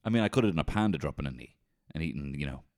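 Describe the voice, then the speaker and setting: A man telling an animated, sweary comedy story and breaking into shouted impressions. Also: a bass voice, very fast.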